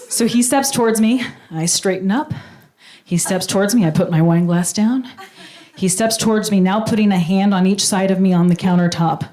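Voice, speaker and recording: A woman telling a stand-up story on stage, animated and squealing at the big moments. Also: a little fast, reverberant, noisy background. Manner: animated, acts out voices, high squeals at punchlines. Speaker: stand-up comedian. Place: comedy stage with a live audience.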